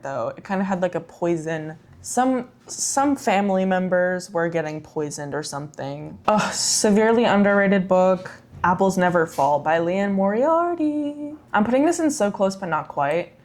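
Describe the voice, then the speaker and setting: A woman's voice: on the low side, a little mellow. A young woman vlogging about books she read, chatty and effusive, with frequent fillers and self-corrections. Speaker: book vlogger. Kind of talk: casual chat.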